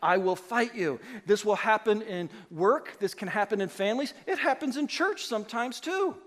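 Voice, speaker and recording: A man preaching a sermon as pastor, animated and emphatic, acting out the voices he quotes. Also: sits high, normal speed. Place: church sanctuary. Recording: long hall reverb.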